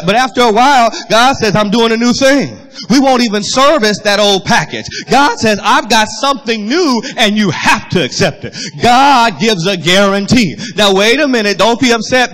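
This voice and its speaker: High-voiced preaching man, swelling to shouts. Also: poor audio. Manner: preaching with rising shouts and sung phrases, then dropping low. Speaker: pastor. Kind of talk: sermon.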